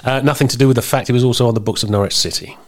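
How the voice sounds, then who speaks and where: A man's voice: medium pitch, fairly even intonation, racing. A man in his fifties hosting a football podcast, chatty and teasing, often chuckling while reading listener messages. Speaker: podcast host.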